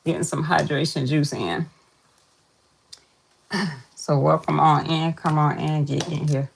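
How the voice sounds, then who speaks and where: A woman's voice: low voice, flat delivery, takes it slowly, creaky, slight background noise. A woman hosting a casual live stream, chatty and greeting viewers over and over. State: out of breath.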